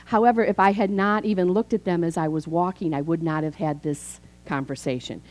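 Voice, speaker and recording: A woman's voice: lowish voice, fairly quick, faint music behind, rough recording. A woman in her fifties, a minister giving a chatty, conversational sermon, telling stories and acting out dialogue. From Chicago. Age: 50s. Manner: chatty storytelling, acts out dialogue.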